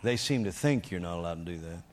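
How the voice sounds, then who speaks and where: Lower-pitched man preaching a lively testimony. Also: fast talker. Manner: energetic, emphatic storyteller who acts out shouted quotes. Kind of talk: sermon testimony storytelling.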